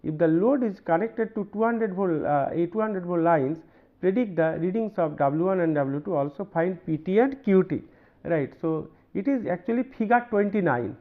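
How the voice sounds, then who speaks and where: A man with an Indian English accent giving a university lecture, working through examples with many pauses, repeats and "right?" checks. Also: high voice, animated. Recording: narrow phone-like band.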